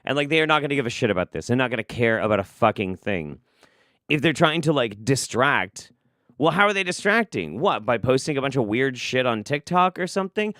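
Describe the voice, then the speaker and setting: Animated, sarcastic male streamer. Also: lowish voice, a little fast, no echo, studio quality. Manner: incredulous, profane, sarcastic. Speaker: streamer reacting to clips. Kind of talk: live-stream commentary.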